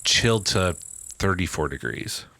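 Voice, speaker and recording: A man co-hosting a casual podcast chat, joking around with deadpan one-liners. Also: deep voice, measured pace, gravelly, dry recording. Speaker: podcast co-host.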